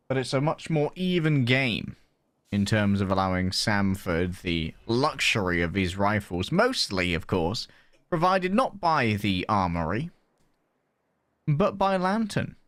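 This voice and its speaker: A man casting an esports match with quick, playful play-by-play commentary. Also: mid-range voice, fairly bright tone, no echo. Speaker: esports caster.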